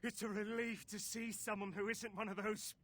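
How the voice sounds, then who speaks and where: A man's voice: high voice, little pitch movement, normal speed, fairly bright tone. An actor playing a nervous, caged male treasure hunter in a video game, pleading and jittery.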